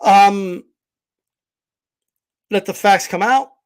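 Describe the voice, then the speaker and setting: Brief: high-voiced man, livestream host, blunt and confrontational rant. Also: extremely slow, clean tone. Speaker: boxing channel host.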